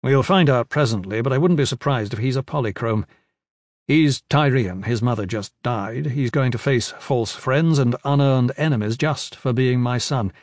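A man's voice: medium pitch, normal speed, no echo, studio quality, natural voice. A man voicing a powerful male lord who speaks earnestly and gives firm orders. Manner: earnest, commanding.

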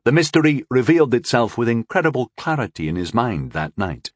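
A man narrating an audiobook in a measured, expressive way, on a close studio mic. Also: medium pitch, no room sound. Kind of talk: scripted fantasy narration.

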